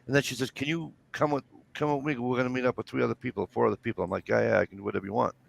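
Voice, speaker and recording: A man's voice: mid-range voice, steady tone, racing, gravelly, no room sound. A man, telling rambling, swear-filled stories in casual chat. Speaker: storyteller.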